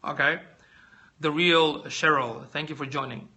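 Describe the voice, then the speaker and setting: High, sharp-voiced chatty man. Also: steady tone, measured pace. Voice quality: squeaky voice. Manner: chatty, addresses viewers directly, asks many questions. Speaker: live stream host. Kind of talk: casual live tech walkthrough.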